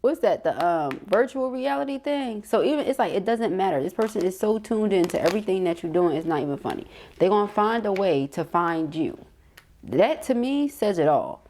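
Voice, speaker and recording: A middle-aged woman giving a casual, slangy tarot reading to camera, chatty and quick to laugh. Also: medium pitch, animated, darkish tone, a little hiss or hum. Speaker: tarot reader.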